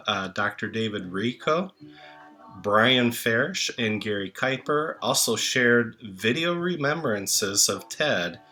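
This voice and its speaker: A man speaking a memorial tribute, slow and halting with many filler pauses, songs playing in the background. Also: medium pitch. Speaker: channel host reading tributes. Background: soft music.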